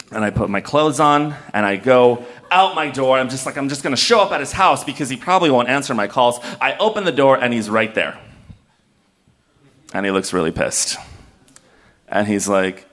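A man's voice: medium pitch, fairly bright tone. A young man telling a personal story live to an audience, candid and self-mocking, often laughing as he talks.

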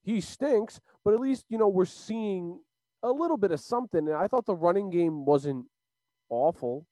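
A man's voice: sits high, animated, normal speed, warm tone, no echo, rough recording. A man co-hosting a sports podcast, giving blunt, emphatic opinions in casual talk.

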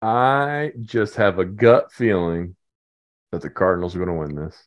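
A man's voice: low-pitched, a little slow, dull audio. A man co-hosting a casual podcast, joking and laughing often. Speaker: podcast co-host. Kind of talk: casual chat.

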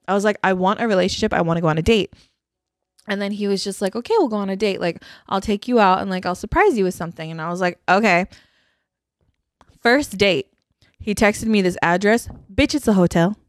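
A woman's voice: mid-range voice, a little fast, dry recording, studio quality. A young woman co-hosting a podcast, telling a story casually and bluntly, swearing a lot and often laughing. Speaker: podcast co-host. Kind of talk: casual chat.

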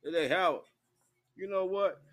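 A man's voice: high voice, unhurried, a bit bright. A drunk man ranting in a profane, rambling monologue, hiccuping as he talks. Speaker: vlogger.

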